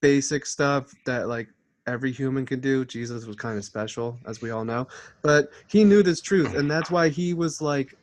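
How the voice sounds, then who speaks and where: A man's voice: medium pitch, moderate pace. A man in casual conversation who explains his spiritual views in an earnest, preachy way. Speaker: channel host.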